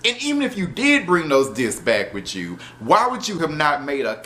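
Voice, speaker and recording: A man reviewing a show episode in casual, animated talk, exasperated and profane, with laughing asides. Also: fairly high pitch, moderate pace, slight background noise.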